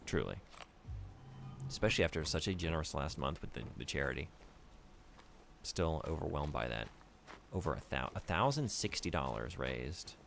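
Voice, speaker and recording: Streamer, male, very low voice, lively and rambling casual commentary. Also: moderate pace, creaky, pauses often, slight background noise. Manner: animated, rambling, chats with viewers.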